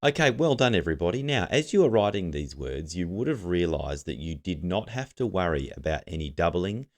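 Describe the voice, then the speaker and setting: Very deep-voiced man teaching a lesson. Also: very animated, a little fast. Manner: clear, patient step-by-step instruction to students. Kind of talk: recorded classroom literacy lesson.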